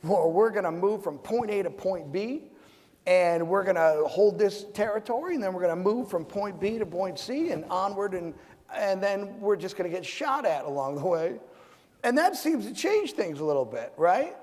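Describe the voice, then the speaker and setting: A man's voice: high-pitched, animated, normal speed. A man in his forties, a decorated veteran on a forum panel, giving a fired-up speech full of rhetorical questions. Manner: fiery, rhetorical questions, loud bursts. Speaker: Medal of Honor recipient panelist. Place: large event hall. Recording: hall reverb.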